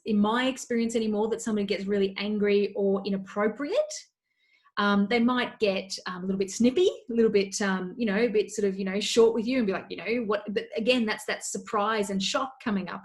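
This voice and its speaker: Woman coach giving practical advice. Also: medium pitch. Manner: practical, steady, lots of "you know" fillers. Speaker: coach and consultant, guest. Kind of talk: remote webinar advice talk.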